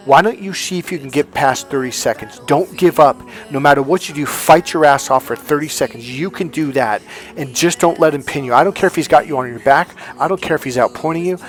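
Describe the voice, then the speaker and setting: A man telling a personal story as a motivational coach, animated and swearing freely, acting out quoted dialogue loudly. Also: medium pitch. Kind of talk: casual storytelling monologue.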